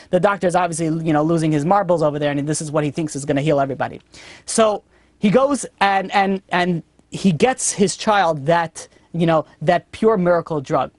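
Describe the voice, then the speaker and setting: A man, a rabbi, teaching a Torah lesson as an animated storyteller who acts out characters. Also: fairly high pitch, fairly quick, no echo.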